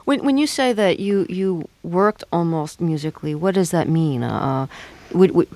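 A woman's voice: lowish voice, animated, moderate pace, a little mellow. A woman interviewer asking earnest, searching questions, with a few hesitant restarts.

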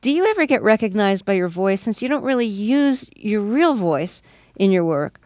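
A woman's voice: medium pitch, big pitch swings, normal speed, darkish tone, no echo, clean studio sound. A woman hosting a radio interview, asking curious questions. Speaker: interviewer host.

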